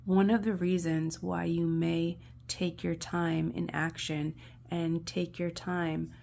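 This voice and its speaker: A woman reads tarot cards in a low, gravelly, mellow voice, gentle and encouraging. She often sinks into soft whispers while studying the imagery, and a faint hum sits behind her. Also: flat delivery, slow. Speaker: tarot reader. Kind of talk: pick-a-card tarot reading.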